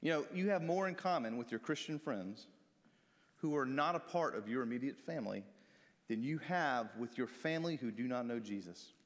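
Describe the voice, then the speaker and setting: A man's voice: mid-range voice, expressive, moderate pace. A man preaching a sermon in a church, explaining Bible verses in a conversational way and asking the congregation questions. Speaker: pastor. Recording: long reverb of a large hall.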